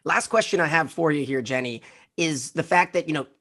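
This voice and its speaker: A man with a fairly high voice hosts a sports podcast. He asks long, friendly questions in a casual, chatty way. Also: a little fast, a bit bright. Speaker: podcast host. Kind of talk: podcast interview host.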